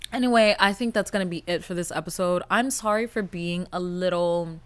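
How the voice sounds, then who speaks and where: A woman hosting a podcast, chatting bluntly and with swearing, going from a hushed reading voice to loud outbursts. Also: lowish voice, brisk, smooth, no echo. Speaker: podcast host. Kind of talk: casual storytelling chat. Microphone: close podcast mic.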